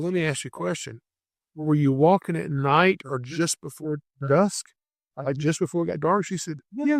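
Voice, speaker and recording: A man hosting a podcast, telling rambling, animated stories about catching animals in a casual way. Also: fairly high pitch, creaky, no room sound, clean studio sound. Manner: animated, rambling anecdotes with restarts. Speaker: podcast host, wildlife catcher. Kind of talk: casual storytelling.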